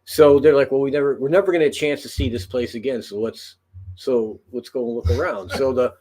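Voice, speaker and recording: A man's voice: mid-range voice, steady tone, a little fast, warm tone. A man telling a long story in a casual, rambling way, full of fillers, restarts and swearing. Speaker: podcast host.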